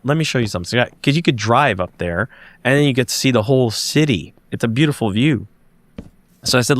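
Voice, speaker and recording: A podcast guest who lives in Montreal speaks in a medium-pitched male voice with no echo. He tells a personal story casually, animatedly acting out the dialogue along the way.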